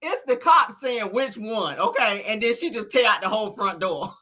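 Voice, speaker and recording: A woman's voice: mid-range voice, animated, normal speed, pushed and bright. A woman hosting a casual commentary chat, sassy and blunt, swearing freely and often chuckling. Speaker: host.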